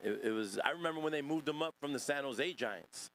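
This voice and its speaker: A man from Northern California hosts a casual livestream podcast, rambling and swearing as he reads and answers the chat. His voice is a little high and a bit bright, and he talks briskly.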